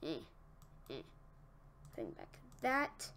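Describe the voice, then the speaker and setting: Woman, gaming commentary, lively bouncing pitch, unhurried, talks to herself. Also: a little hiss or hum. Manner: excitable, talks to herself, easily annoyed. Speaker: gaming youtuber. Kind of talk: casual let's-play commentary.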